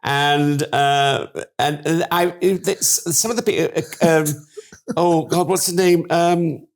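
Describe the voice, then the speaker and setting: A man's voice: a little high, steady tone, slow. An older man, a guest in an interview, telling stories in a theatrical, gushing way and laughing often. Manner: theatrical, gushing storyteller who laughs a lot. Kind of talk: anecdotal interview chat.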